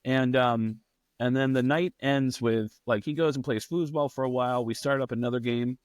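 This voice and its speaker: A middle-aged man, a comedian guest on a podcast, telling a long casual anecdote in a profane, animated way and acting out what other people said. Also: medium pitch, normal speed, no echo, studio quality.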